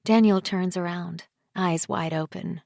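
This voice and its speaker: A woman narrating an audiobook in a quiet, measured voice that drops low on the speech tags. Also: fairly even intonation, vocal fry, no echo, studio quality. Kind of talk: scripted narration.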